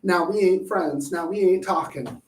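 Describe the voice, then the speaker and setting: A man hosting a live talk on anger management, blunt and profane, swinging between loud outbursts and low asides. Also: normal speed. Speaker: host. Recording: echoey room, voice far from the mic.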